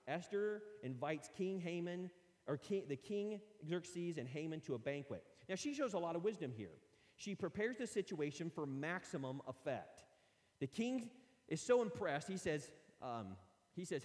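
Animated, joking preacher in an echoing hall. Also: male voice, fairly high pitch, moderate pace. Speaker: pastor. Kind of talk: sermon. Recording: long reverb of a large hall.

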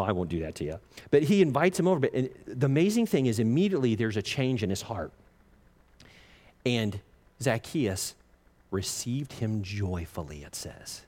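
A man preaching a sermon as a pastor, animated and jokey, laughing often and acting out the lines he quotes. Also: medium pitch, moderate pace, slight background noise. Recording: long reverb of a large hall.

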